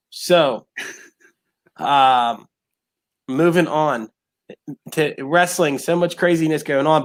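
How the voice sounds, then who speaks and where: A man hosting a casual wrestling talk show who rambles with many fillers, then bursts into heated rants full of rhetorical questions. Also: mid-range voice. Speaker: sports talk show host.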